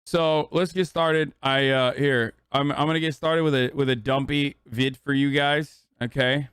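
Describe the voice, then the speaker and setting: A man's voice: medium pitch, fairly bright tone, clear, resonant tone. A man streaming live, reacting to clips with loose, profane, rambling commentary.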